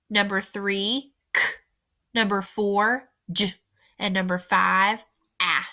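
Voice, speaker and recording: With a sharp tone in a mid-range voice, a female teacher dictates a spelling test to young children. She takes it slowly, repeats each word, and phrases her instructions deliberately.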